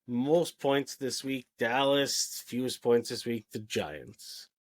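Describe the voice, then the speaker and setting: A man talking casually on a sports podcast, listing his picks one after another. His voice sits at a middling pitch, and he fills the gaps with "uh" and "um" as he goes. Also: flat delivery, slow pace. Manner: rattles off picks with fillers and hesitations. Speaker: podcast co-host.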